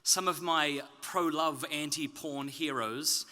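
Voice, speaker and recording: A man from Australia with a softened Australian accent gives a public talk at a conference, with wry, self-deprecating humor. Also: a little high, slow. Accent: Australian, softened toward British. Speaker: conference speaker. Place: conference stage.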